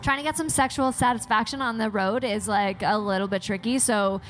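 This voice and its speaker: A woman co-hosting a podcast, telling candid stories in an animated, frank way with plenty of swearing. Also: mid-range voice, a little fast, a little hiss or hum. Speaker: podcast co-host. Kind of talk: candid casual chat.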